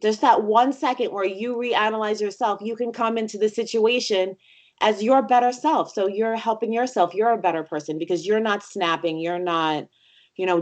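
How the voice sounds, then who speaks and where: A young woman talks in a casual podcast conversation, earnest and reflective. Her voice sits at an ordinary middle pitch for a woman. She sounds encouraging and thoughtful as she talks things through. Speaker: podcast guest.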